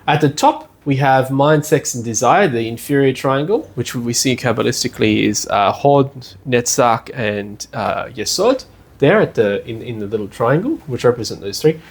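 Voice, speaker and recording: A man teaching a class at a study centre in a relaxed, conversational way, often checking in with the room with "yeah?" and "you know". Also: mid-range voice, moderate pace, husky. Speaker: lecturer at a spiritual study centre. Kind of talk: casual classroom lecture. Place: indoor classroom.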